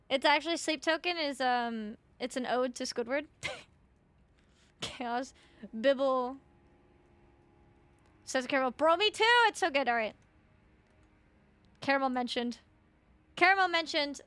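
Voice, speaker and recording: A young woman streaming a game, chatting casually and excitedly with her viewers, laughing and swearing freely. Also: high-pitched, smooth, no room sound. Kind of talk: casual live-stream chat.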